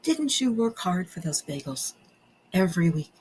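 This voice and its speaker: A woman voicing a kind old grandfather gently coaxing his grandson in a children's story. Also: lowish voice, sing-song, moderate pace, husky. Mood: gentle. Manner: gentle, patient, coaxing questions.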